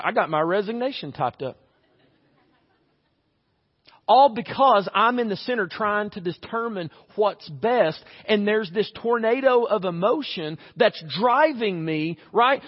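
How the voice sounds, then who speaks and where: A man's voice: very high voice, husky. A man preaching a conversational, humorous sermon as a pastor, acting out little everyday scenes. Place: church sanctuary. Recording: reverberant church hall, slightly dull audio.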